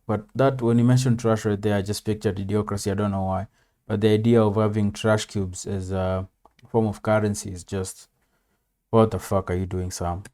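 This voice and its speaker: A man's voice: on the low side, level tone, moderate pace, warm tone. A man casually commenting on a video, laid-back, swearing and saying "man" often. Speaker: reaction video host.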